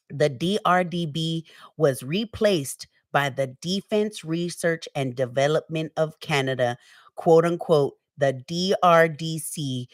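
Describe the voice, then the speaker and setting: This livestream host has a deep female voice and talks through her subject in a relaxed, slang-filled way, addressing her audience as "y'all." The recording is clean studio sound with no room noise, picked up far from the mic while she wears earphones at her streaming rig.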